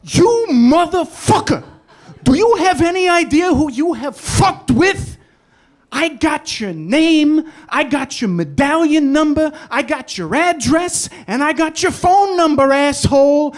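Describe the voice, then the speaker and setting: A man's voice: very high voice, sing-song, takes it slowly, pitched above the performer's own voice, heavily acted. A man voicing an enraged small-time mobster who curses and threatens down a phone line. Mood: furious. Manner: yelling, cursing.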